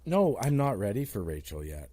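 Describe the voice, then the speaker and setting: A man co-hosting a podcast, teasing his partner with sarcasm and plenty of swearing. His voice sits a little low and moves a lot in pitch. The sound is dry and close. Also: sing-song, moderate pace, dark tone, no room sound. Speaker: podcast co-host. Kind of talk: casual chat.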